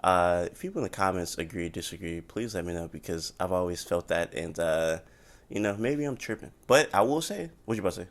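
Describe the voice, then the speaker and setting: Man, low voice, casual joking podcast host, from Florida, talks over a call. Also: expressive, a little fast. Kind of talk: casual chat. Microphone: remote call mic.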